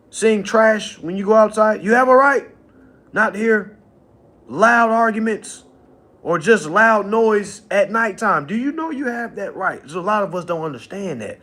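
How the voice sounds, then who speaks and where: Animated high-voiced man on a livestream. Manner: animated, laughs often, repeats himself. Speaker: livestream host. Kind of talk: casual livestream monologue.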